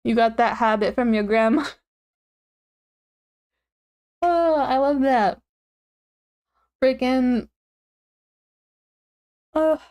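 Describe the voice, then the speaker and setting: Young woman, high voice, tired, giggly casual streamer chat. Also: very slow, long pauses, clean tone. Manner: chatty, giggly, animated swings in pitch. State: tired, yawning.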